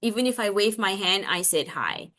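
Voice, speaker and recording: A woman's voice: mid-range voice, animated, normal speed. A woman speech expert in a video-call webinar, answering parents' questions in an earnest way, often restarting and checking in with "right?". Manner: acts out parent-child exchanges in a brighter voice.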